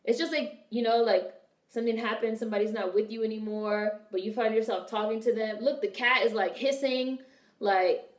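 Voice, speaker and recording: A woman's voice: a little high, steady tone, moderate pace, reverberant. Chatty woman streamer, swearing freely. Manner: chatty, swearing, reads and answers viewer chat. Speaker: streamer reacting to a film. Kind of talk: casual live-stream commentary.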